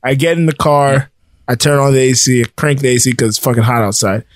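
Speaking a little fast in a mid-range voice, a man co-hosts a podcast, trading stories in casual conversation. He swears freely, laughs often and tells his tales with animation, all in a dry, studio-quality recording.

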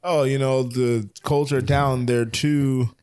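A man's voice: mid-range voice, steady tone, a little mellow, smooth, dry recording. Bantering man in a dry podcast chat. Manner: quick banter, hesitant fillers. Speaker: podcast co-host. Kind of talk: casual sports chat.

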